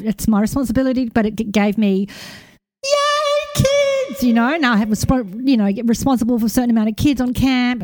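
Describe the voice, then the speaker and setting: Fresh from a walk and a little wired, this Australian podcast host in her forties talks through a casual monologue, wandering off, getting emotional and correcting herself. Her voice sits fairly high with a slightly mellow tone, recorded in clean studio sound without echo.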